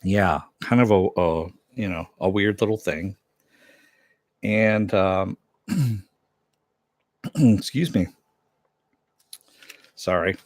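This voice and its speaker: A man talks through a TV episode in a loose, rambling way, full of fillers and backtracking. His voice sits a little low. The sound is dry and close. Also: drawn-out words, long pauses, darkish tone, no room sound. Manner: rambling, many fillers and self-corrections. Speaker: TV show reviewer. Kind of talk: casual episode recap.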